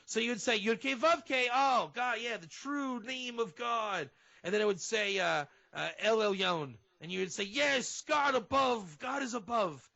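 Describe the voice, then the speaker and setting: High bright-voiced rabbi on radio. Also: male voice, moderate pace, vocal fry. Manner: animated explainer, acts out fervent prayer. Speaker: rabbi, guest. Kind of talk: radio interview, teaching. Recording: dull lo-fi radio audio.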